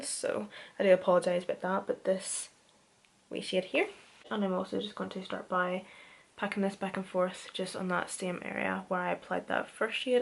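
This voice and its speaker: A woman's voice: mid-range voice, creaky. A young woman with a Northern Irish accent chats her way through a makeup tutorial. She talks in a casual, self-deprecating manner, like she's catching up with a friend. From Northern Ireland. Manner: chatty, self-deprecating, says "wee" a lot. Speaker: beauty vlogger.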